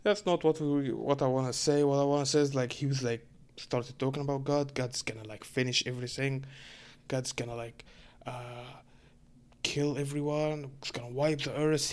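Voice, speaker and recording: A man from Egypt with an Egyptian accent, speaking English as a second language and telling a rambling story, full of fillers and swearing. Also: mid-range voice. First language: Arabic. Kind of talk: casual storytelling rant.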